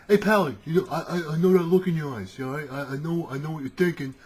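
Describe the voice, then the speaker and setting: A shifty rogue, as a man puts him on, stammers and coaxes in a raised, pitched-up voice. He sounds like a wary adventurer in a tabletop game. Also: fairly quick, darkish tone, slightly rough. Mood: coaxing. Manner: stammering, coaxing. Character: shifty neutral male rogue, coaxing.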